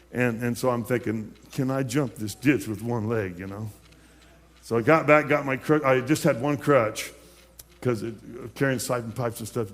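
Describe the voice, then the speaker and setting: A man in his late fifties, a pastor giving his personal testimony in a sermon, telling it in a folksy way with many restarts and repeated words. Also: medium pitch. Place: church sanctuary. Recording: long church hall reverb.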